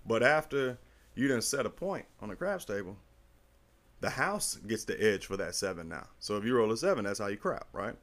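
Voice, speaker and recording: Animated, profane middle-aged man telling stories. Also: on the low side, moderate pace. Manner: animated, profane, rambling storyteller. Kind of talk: casual chat, storytelling.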